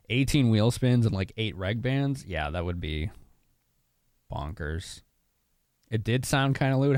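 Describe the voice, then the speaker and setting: A man's voice: on the low side, lively intonation, takes it slowly, long pauses, a little mellow, no echo, studio quality. A young man from Chicago streaming a game, chatting casually with viewers and laughing often. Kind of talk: casual live-stream commentary.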